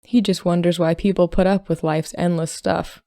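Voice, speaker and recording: A woman's voice: on the low side, level tone, moderate pace, warm tone, no echo, clean studio sound, close to an everyday voice. A woman voicing a troubled young adult son in a storybook reading, speaking in a subdued, earnest way.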